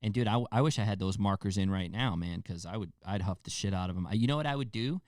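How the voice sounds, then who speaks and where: A man hosting a casual solo podcast, talking in a rambling, loose way full of fillers and offhand swearing. His voice sits on the low side. The sound is dry and close, with no room echo. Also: quick pace, a little mellow. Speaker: podcast host.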